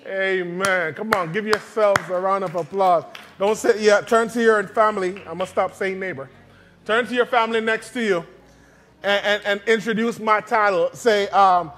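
A pastor preaching in a church, leading the congregation in call-and-response and repeating phrases slowly. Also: male voice, high-pitched, fairly even intonation, a bit bright. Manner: slow, drawn-out delivery with repetitions. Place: church sanctuary.

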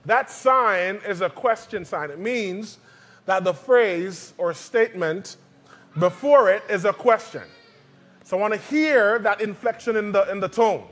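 A man preaches from the pulpit, his voice sitting high and his pace unhurried. He drags out words and repeats lines to lead the congregation in call-and-response. The sound comes through a church mic in the sanctuary. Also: fairly bright tone. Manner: slow, drawn-out delivery with repetitions. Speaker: pastor.

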